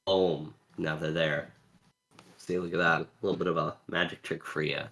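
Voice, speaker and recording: A man's voice: a bass voice, level tone, normal speed, fairly bright tone. A young man hosting a tabletop game as game master, joking and cursing casually with his players. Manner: joking, profane banter.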